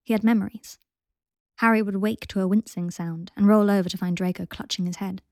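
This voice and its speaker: A woman reads a story aloud in a calm, steady voice with a gravelly texture. The sound is dry and close, with no room around it. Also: mid-range voice, brisk, no echo. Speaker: narrator. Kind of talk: audiobook reading of fan fiction.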